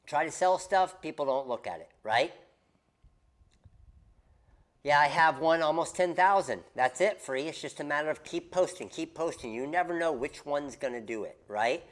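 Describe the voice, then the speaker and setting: A man with a fairly high voice coaches his viewers on a casual livestream. He talks in an animated, emphatic way and hammers the same points again and again. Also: normal speed, few pauses. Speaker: host of a craft business livestream.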